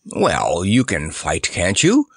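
A man's voice: medium pitch, sing-song, takes it slowly, vocal fry, fairly bright tone, dry recording, clean studio sound, pitched above the performer's own voice, exaggerated voice. A man voicing a plainspoken, cheerful male soldier who talks in a thoughtful, matter-of-fact way.

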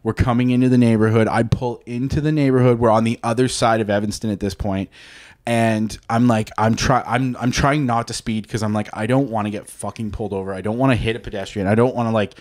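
A podcast guest with a lowish voice tells a story quickly in casual chat, animated and swearing freely. He acts out the voices of the people in the story.

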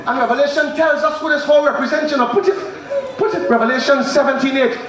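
A man preaching an evangelistic sermon, telling stories and quizzing the congregation, building to shouts. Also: very high-pitched, fast talker. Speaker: pastor. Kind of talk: evangelistic sermon with call and response. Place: church or tent with congregation. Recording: very echoey hall with crowd.

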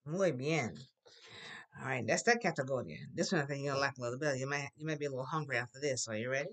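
A teacher running a classroom language drill, patiently prompting the class and loudly modeling words for them to repeat. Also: mid-range voice, fast talker. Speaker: Spanish teacher.

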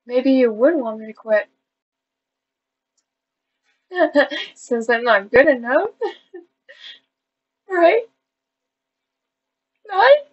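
Teary giggly girl vlogging at home, high voice, dull lo-fi sound. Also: animated, takes it slowly, pauses often. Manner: giggly and self-deprecating, swinging between squeals and mumbles. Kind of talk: casual vlog chat.

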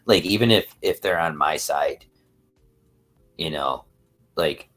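A man with a remarkably deep, low voice hosts a casual livestream, chatting straight to his viewers. He rambles and swears freely, circling back on his thoughts as he goes. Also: takes it slowly, fairly bright tone. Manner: rambling, profane, talks to chat. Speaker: livestream host.

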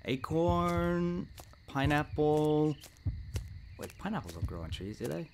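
A man's voice: on the high side, big pitch swings, takes it slowly, a little mellow, a little hiss or hum. A young man in a let's play horror game commentary, jumpy, talking back to the monster, with nervous laughs and sudden yelps. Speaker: gaming channel host.

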